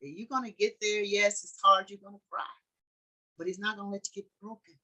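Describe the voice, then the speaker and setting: A woman's voice: mid-range voice, fairly even intonation, brisk, pushed and bright, poor audio. A woman teaching scripture in a conversational, preachy way, often restarting her sentences. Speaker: Bible study teacher.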